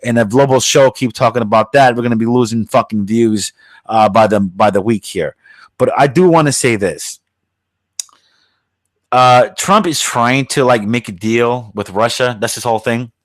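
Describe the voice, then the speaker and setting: A man's voice: mid-range voice, moderate pace, no echo. A man hosting his own podcast, ranting bluntly and swaggering with heavy swearing. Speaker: podcast host. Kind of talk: profane casual rant.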